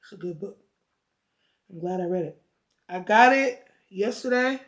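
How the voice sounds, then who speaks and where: A woman's voice: mid-range voice, expressive, a little slow. A woman vlogger telling a story in a casual, slangy, profane way and chatting about a book. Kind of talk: casual vlog chat and book retelling.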